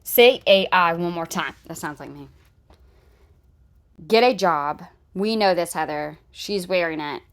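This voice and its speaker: A woman's voice: fairly low pitch, measured pace. A woman in her thirties giving casual reaction commentary, blunt and mocking, reading live chat aloud. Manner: blunt, mocking, repeats short jabs.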